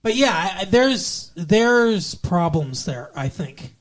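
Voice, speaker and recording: A man's voice: high voice, very animated, slow. A man talks through a film with his co-host in a loose, casual chat. He is blunt and opinionated, and swearing comes easily to him. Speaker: podcast co-host. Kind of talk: casual movie review chat.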